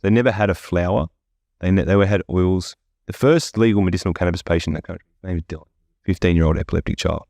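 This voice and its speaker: Blunt deep-voiced man. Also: fast talker, gravelly, a little mellow, dry recording, studio quality. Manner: blunt, profane, candid storytelling. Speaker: podcast guest. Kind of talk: casual podcast interview.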